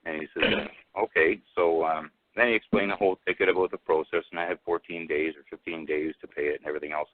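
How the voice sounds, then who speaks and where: A man telling a rambling personal story over the phone, halting with many restarts and fillers. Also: extremely low pitch, steady tone, dry recording. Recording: tinny phone line, dry.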